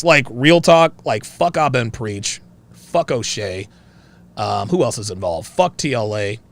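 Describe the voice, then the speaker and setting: A man hosting a casual livestream, reading out viewer donations in a profane, excitable way and laughing often. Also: mid-range voice. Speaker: host.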